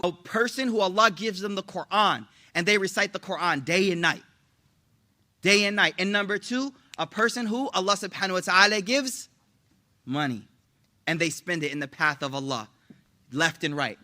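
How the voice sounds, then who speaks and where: A man's voice: high voice, sharp tone. A man teaching a religious class to a live audience, informal and slangy, reciting Arabic quotes and joking as he explains them. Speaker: Islamic teacher. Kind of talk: casual religious talk.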